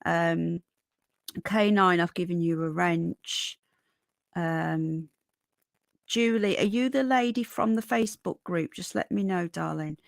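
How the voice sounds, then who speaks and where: Tired, gravelly-voiced woman hosting a livestream. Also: fairly low pitch, slow pace, dry recording, clean studio sound. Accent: Northern English. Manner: greets viewers by name while reading chat; calls viewers darling and sweetheart. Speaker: livestream host. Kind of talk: casual livestream chat.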